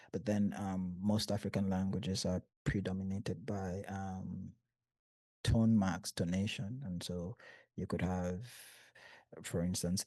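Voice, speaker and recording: A man, a poet giving a bookstore reading and reciting in measured, deliberate short phrases. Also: sits low, steady tone, mellow, no echo. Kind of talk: poetry reading with spoken asides.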